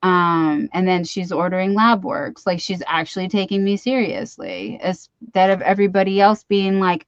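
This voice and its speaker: A woman's voice: fairly low pitch, lively intonation, normal speed, hardly any pauses, clear, resonant tone, no room sound, muffled recording. A middle-aged woman hosting a casual live-stream chat from home, chatty and easily sidetracked, often poking fun at herself. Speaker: livestream host. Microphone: computer mic for a live stream.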